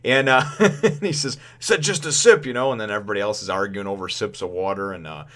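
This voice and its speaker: A man with a fairly low, fairly bright voice talks quickly as he casually reviews a manga chapter. He rambles, uses lots of fillers, and laughs while retelling the story, raising his voice to act out the characters' lines.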